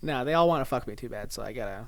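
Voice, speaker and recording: A man's voice: mid-range voice, expressive, very fast, vocal fry, a bit bright. A young adult male comedian in casual podcast chat, rambling, laughing often and trailing off mid-thought.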